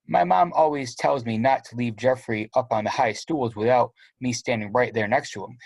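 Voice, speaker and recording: Brief: male audiobook narrator, sardonic and wry, gravelly husky tone, dry close sound. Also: medium pitch, dry recording. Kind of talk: first-person story narration.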